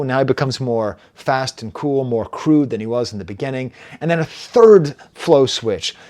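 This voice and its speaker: A man in his forties giving a casual, animated album review, reading lyrics aloud and laughing at himself. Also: mid-range voice. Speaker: music reviewer.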